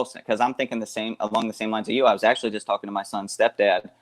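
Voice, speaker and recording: A man speaking as guest co-host on a casual podcast, rambling and halting, laughing easily. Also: lowish voice, fairly even intonation, over a noisy crowd.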